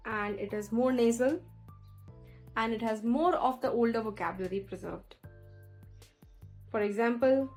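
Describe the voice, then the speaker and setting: A woman teaching French pronunciation in an online lesson, explaining clearly and slowing down to model words. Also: a little high, darkish tone, low-quality recording.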